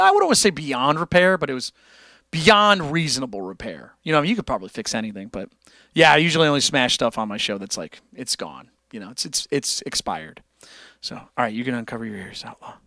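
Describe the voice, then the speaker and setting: A man hosts a casual livestream, talking loosely and cursing freely as he reads donations. His voice is bright and swings widely in pitch. The sound is dry and close. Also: brisk, no room sound. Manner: loose, profane, animated, reads donations aloud. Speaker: livestream host.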